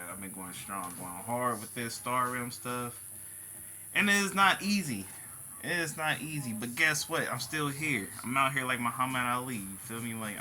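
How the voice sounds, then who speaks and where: A man's voice: lowish voice, pushed and bright. A man hosting a casual vlog, talking in loose slang and calling his viewers bro and dog. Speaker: channel host.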